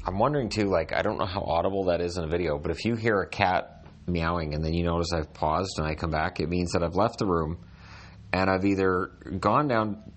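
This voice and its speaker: Low-voiced man chatting dryly on a podcast. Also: brisk. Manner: dry, self-deprecating humor with many restarts. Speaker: podcast host. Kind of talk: casual solo podcast chat. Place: hotel room.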